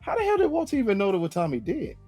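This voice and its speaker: A man co-hosting a casual TV recap show, animated and jokey. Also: high-pitched, racing, slightly rough, no echo, faint music behind. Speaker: co-host.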